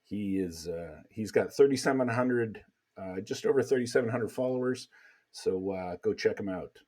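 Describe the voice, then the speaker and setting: A man's voice: fairly low pitch, normal speed. A man hosting a casual podcast chat, rambling along with lots of fillers. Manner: relaxed, rambling with many fillers. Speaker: podcast host.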